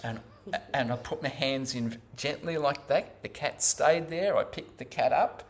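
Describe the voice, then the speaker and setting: An Australian man telling his own story to a Zen group. He talks in a halting way, often pausing on fillers and starting phrases over. His pitch sits in the middle for a man. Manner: halting, many fillers and restarts. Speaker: Zen practitioner giving a talk. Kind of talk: personal storytelling talk.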